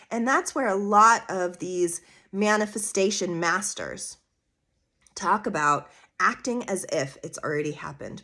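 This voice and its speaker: A woman's voice: mid-range voice, fairly bright tone. A woman hosting her own astrology podcast, talking in an earnest, coaching way with casual asides and rhetorical questions. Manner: casual with fillers like "vibe" and "you know". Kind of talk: solo podcast monologue.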